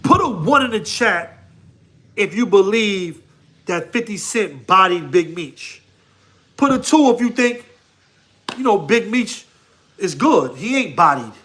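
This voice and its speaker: A man's voice: sits high, big pitch swings, a little slow, long pauses, bright, forceful tone. A man with a New York accent hosting a casual livestream, laughing often and talking slangily to his chat. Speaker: livestream host.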